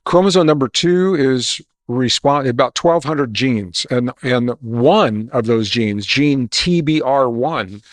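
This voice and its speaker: A man guesting on an interview talks with confident, explanatory energy, shifting between storytelling and lecturing. His voice sits at a middle pitch, and the sound is dry. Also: no room sound. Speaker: guest author.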